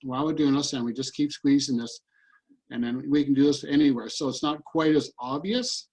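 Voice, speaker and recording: A man who practices and coaches EFT demonstrates tapping over a video call, earnestly repeating short lines for listeners to follow. He speaks briskly at a medium pitch, his tone a little mellow. The audio is poor.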